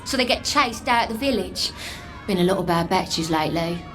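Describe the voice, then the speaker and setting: A cheeky English street outcast. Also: female voice, lowish voice, animated, a bit bright. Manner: breezy, mocking, brisk advice. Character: streetwise outcast young woman, blunt and cheeky.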